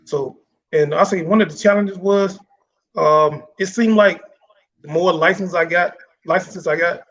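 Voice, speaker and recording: A man's voice: sits high, unhurried, a bit bright, low-quality recording. A man who works as a general contractor, explaining his work plainly on a panel. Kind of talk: panel conversation.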